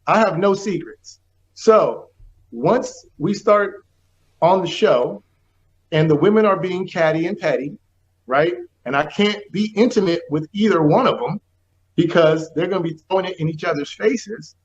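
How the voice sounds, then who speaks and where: A man's voice: high voice, measured pace. A man speaking frankly and emphatically as a reality show participant. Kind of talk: candid confessional talk. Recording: dull lo-fi clip audio.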